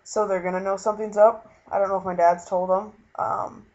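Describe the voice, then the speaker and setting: Young guy vlogging, earnest and halting, lots of "i was like", dull lo-fi webcam sound. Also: sits high, little pitch movement, a little mellow. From Minnesota. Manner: earnest, halting, full of fillers and retellings. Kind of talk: casual personal vlog.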